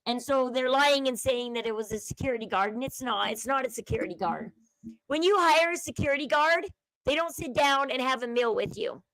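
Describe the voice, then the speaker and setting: Talking a little fast in a high, chatty voice, this woman hosts her own channel and offers casual commentary on a video clip. Her speculation runs loose, and quoted lines come out as a hushed murmur. The recording is poor quality, close and dry with no echo.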